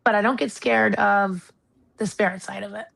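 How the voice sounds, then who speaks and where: A woman's voice: mid-range voice, steady tone, moderate pace, vocal fry, a bit bright, rough recording. Earnest, candid woman guest. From United States. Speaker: guest, retired marshal and paranormal investigator. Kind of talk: casual interview talk.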